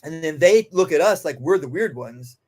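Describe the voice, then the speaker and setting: A man's voice: on the high side, expressive, normal speed, a little mellow. A man, a dog trainer and guest, telling stories in a casual, emphatic way with frequent swearing, acting out the voices he quotes. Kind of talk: animated storytelling in casual conversation.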